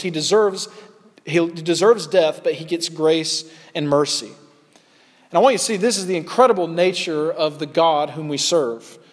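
The sermon comes from a pastor whose voice sits somewhat high for a man. He speaks earnestly and deliberately, lengthening his key phrases for emphasis. It echoes with the long reverb of a large space, like a church sanctuary.

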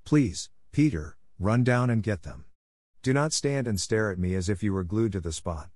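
A man voicing an impatient aunt who scolds a child in an excited, reproachful way. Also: on the low side, normal speed, dry recording, studio quality. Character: shrill scolding middle-aged aunt, impatient woman.

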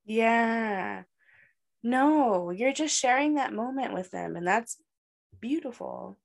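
Brief: woman co-host, higher voice, lively chatty delivery, laughs a lot. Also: takes it slowly, vocal fry. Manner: animated, laughs often, frequent "like". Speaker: podcast co-host. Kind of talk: casual chat.

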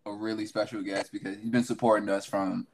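A man's voice: on the low side, little pitch movement, brisk. A young man co-hosting a casual podcast, teasing his friend, laughing often and speaking straight to the listeners. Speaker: podcast co-host.

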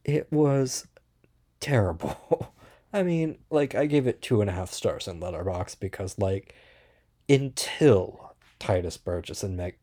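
Casting note: a man with a low, warm voice, casual and blunt, rambling critic. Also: husky. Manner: rambling, blunt and sarcastic, many fillers. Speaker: theater reviewer. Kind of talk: casual spoken review.

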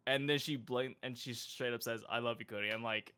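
A man's voice: medium pitch, steady tone, a little fast, pushed and bright, smooth. Young man telling a story, laughing. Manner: laughing, storytelling, self-conscious. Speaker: podcast guest. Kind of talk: casual chat.

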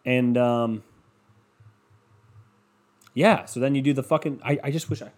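A man's voice: mid-range voice, unhurried, darkish tone. A man rambling through a casual solo monologue at home, swearing often and putting himself down. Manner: rambling, profane, self-deprecating.

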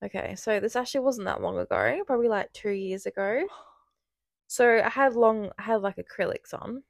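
A woman's voice: mid-range voice, normal speed, vocal fry, no echo, clean studio sound. A young woman co-hosting a podcast, chatting casually, swearing often and laughing through her own stories. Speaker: podcast co-host. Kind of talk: casual chat.

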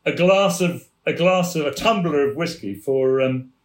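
A man, a theatre producer telling anecdotes on a chat show, animated and laughing as he goes. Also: on the high side, moderate pace, echoey room. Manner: animated storyteller, laughing mid-story.

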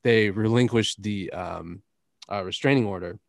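A man's voice: lowish voice, moderate pace, creaky, no room sound. Young man, podcast host, rambling anecdotal delivery, dead-dry close mic. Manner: rambling storyteller, laughs often, drops curses. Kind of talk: casual chat.

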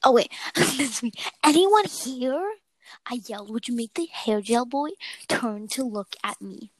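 A young woman reading a story aloud with a friend, playful and quick to break into giggles. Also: fairly high pitch, dry recording, poor audio. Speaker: story reader.

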